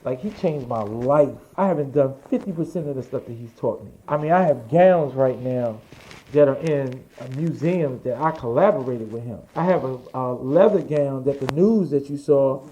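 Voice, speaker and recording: A man from New York telling his life story as an interview guest, animated, swearing freely and acting out what others said. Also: mid-range voice, moderate pace, a little hiss or hum. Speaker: interview guest, fashion designer. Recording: dull lo-fi audio.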